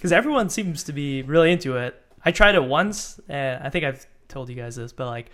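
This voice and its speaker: A man's voice: fairly high pitch, fairly quick. Laughing man telling a game story. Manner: animated storyteller, laughs often. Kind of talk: casual chat. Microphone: condenser microphone.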